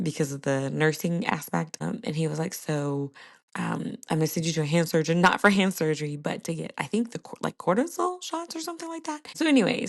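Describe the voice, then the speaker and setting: A woman's voice: lowish voice, creaky. A young woman hosting a casual solo podcast, chatting to listeners and laughing often. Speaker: podcast host.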